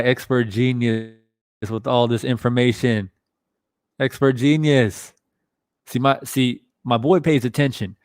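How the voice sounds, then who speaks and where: Here a man with a mid-range voice comments on a live boxing stream, going through chat and bantering with viewers. He's profane, relaxed, and animated. The recording is dry, with clean studio sound.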